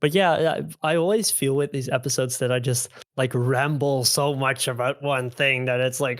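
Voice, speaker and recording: Enthusiastic podcast guest, rambly casual chatter, mid pitch, dry close mic. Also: steady tone, normal speed, hardly any pauses, dry recording. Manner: rambling and enthusiastic, many fillers. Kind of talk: casual chat.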